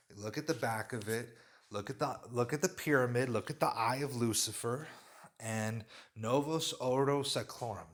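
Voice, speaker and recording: A man giving an impassioned religious monologue, swinging between sudden loud bursts and quiet asides. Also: mid-range voice. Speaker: religious commentator.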